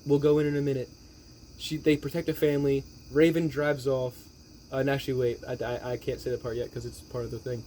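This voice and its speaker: A man's voice: medium pitch, flat delivery, fairly quick, a little mellow, a little hiss or hum. A man giving a rambling, exasperated movie recap, swearing heavily as he talks. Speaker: movie reviewer. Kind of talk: profane movie recap rant.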